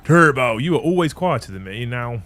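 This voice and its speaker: A man's voice: mid-range voice, lively intonation, normal speed, fairly bright tone. A man hosting a livestream, chatting casually and swearing freely as he fixes his audio settings. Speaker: livestream host. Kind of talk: casual stream chat. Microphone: studio mic on a desk mixer.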